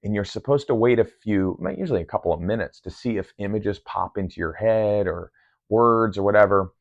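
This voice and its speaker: A man's voice: on the low side, brisk, no echo. A man casually recounting his meditation sessions in a rambling way, full of ums and restarts. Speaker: meditation vlogger. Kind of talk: casual first-person recounting. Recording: dull lo-fi sound.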